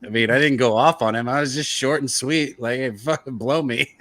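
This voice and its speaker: A man's voice: mid-range voice, fairly quick, a bit bright, dry recording, faint music behind. A man co-hosting a casual sports betting show, blunt and swearing, with hesitant fillers. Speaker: co-host. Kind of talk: casual podcast chat.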